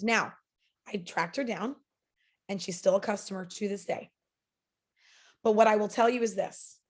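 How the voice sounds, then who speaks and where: A woman's voice: medium pitch, normal speed, long pauses. A woman speaking as a podcast guest, telling a story in an earnest, emphatic, motivational way. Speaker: podcast guest, sales leader.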